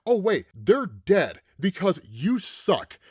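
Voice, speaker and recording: A man's voice: high-pitched, sing-song, slow, a little mellow, slightly rough, dry recording, clean studio sound, full character voice. A man reading the lines of an angry, cruel teenage boy, sneering and dismissive.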